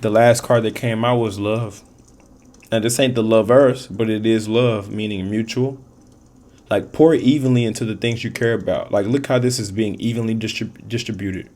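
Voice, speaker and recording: A man's voice: on the low side, fairly even intonation, normal speed, darkish tone. A man giving a casual tarot reading, rambling and repeating himself, in loose, profane street slang with frequent laughs. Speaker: tarot reader.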